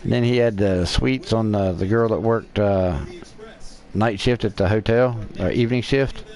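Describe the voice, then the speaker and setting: A man's voice: lowish voice, moderate pace, darkish tone. A middle-aged man streaming a game, telling crude, profane stories in a casual chat. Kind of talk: casual storytelling while gaming.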